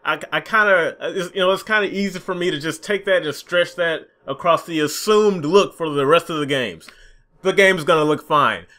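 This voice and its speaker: A young man rants about a game release in a bright, tense voice that sits a little high. He sounds frustrated and swears freely, slipping into mocking sarcasm. It's a casual commentary vlog. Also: moderate pace. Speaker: gaming YouTuber.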